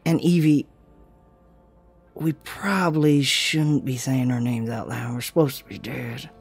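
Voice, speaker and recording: Player voice, mid-pitch, brisk, commanding in-character banter. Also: fairly even intonation, slightly rough, soft background music. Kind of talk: in-character tabletop play.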